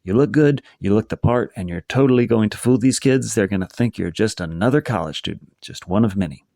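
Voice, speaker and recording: A man's voice: fairly low pitch, fairly quick, gravelly, dark tone, no room sound, clean studio sound. A man reading a novel aloud, voicing a tough young woman starting college who swears bluntly. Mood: nervous pep talk.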